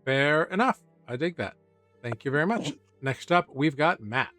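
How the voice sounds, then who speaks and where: Brief: male game master, casual and chatty, slightly high voice, faint music underneath. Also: moderate pace, no echo. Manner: relaxed, chatty, self-correcting. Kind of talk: casual tabletop game chat. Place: home setup.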